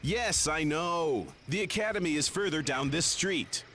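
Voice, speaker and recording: A man's voice: fairly high pitch, animated, measured pace, heavy background noise. A man voicing a polite male townsman in an amateur game, using an odd put-on accent. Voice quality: odd put-on accent, like Boston Elmer Fudd.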